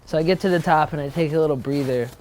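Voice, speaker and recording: A man's voice: on the high side, fast talker, darkish tone, faint music behind. A young man, a snowboarder, casually telling a story in loose, slangy speech, full of "like," and acting out the voices he quotes.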